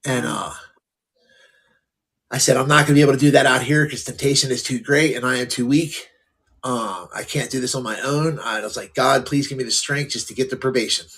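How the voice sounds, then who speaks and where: Husky man telling his story casually. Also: medium pitch, fairly even intonation, fairly quick, a bit bright. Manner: casual, many fillers like "like" and "um". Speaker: podcast guest. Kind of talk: candid conversational storytelling.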